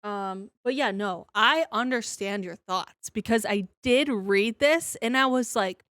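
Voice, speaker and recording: A young woman co-hosting a podcast, rambling through a casual book review with "like" in nearly every phrase. Her voice sits at a medium pitch, and the recording is close and dry, with no room echo. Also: unhurried, a bit bright. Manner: rambling, lots of "like", swears casually. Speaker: podcast co-host.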